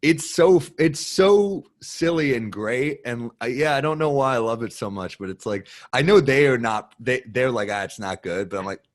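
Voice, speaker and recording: A man's voice: medium pitch, normal speed, hardly any pauses. A man as a guest on a podcast, chatting casually in a loose, rambling way with plenty of swearing. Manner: rambling, loose and profane, full of "like". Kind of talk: casual chat.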